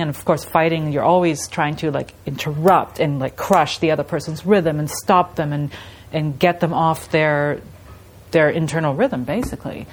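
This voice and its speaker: A woman's voice: low-pitched, slight background noise. A middle-aged woman, an artist, chatting casually in an interview and telling stories with laughs and imitations. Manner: animated storytelling with laughs and imitations. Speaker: artist guest.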